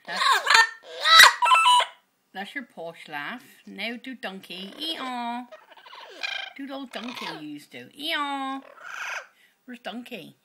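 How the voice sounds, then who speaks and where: A woman's voice: mid-range voice, expressive, a little slow, pauses often. A woman, casually coaxing her parrot to talk in a sing-song pet voice, recorded on a home video. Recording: noisy home video with background noise.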